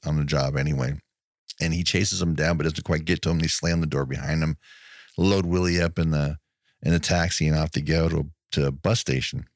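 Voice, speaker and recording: A man's voice: deep voice, dry recording, clean studio sound. A man co-hosting a casual movie-recap chat, retelling scenes with laughs and putting on the characters' lines. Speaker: podcast co-host.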